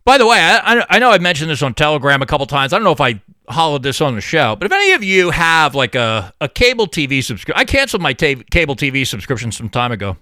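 Animated, sarcastic male podcast host. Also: fairly high pitch, fast talker, few pauses, dry recording. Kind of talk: political commentary monologue.

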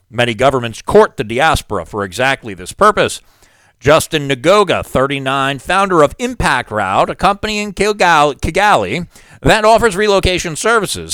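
Male commentary host, sarcastic, reads news; clear smooth voice, animated pitch. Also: no room sound, clean studio sound. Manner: sarcastic asides. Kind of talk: political commentary reading news aloud.

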